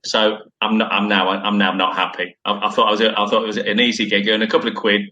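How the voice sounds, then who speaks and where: Middle-aged man, ex-footballer guest, bright voice, self-deprecating rambling storyteller. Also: lowish voice, flat delivery, quick pace, dull audio. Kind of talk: casual anecdote telling.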